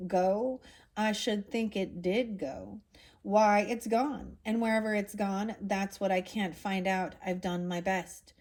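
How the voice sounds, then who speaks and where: A woman's voice: medium pitch, steady tone, takes it slowly, a little mellow. A woman reading aloud as an absent-minded old male professor, cheerful and rambling.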